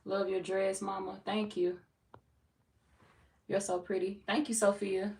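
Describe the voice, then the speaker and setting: A woman with a St. Louis, Missouri accent chats loosely with her livestream viewers, playful and profane. Her voice has a gravelly fry to it. The sound is roomy and echoey, picked up from some distance. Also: mid-range voice, little pitch movement, a little slow, darkish tone. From Saint Louis, Missouri. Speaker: tarot reader hosting a livestream. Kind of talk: casual livestream chat greeting viewers. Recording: roomy echo, mic at a distance.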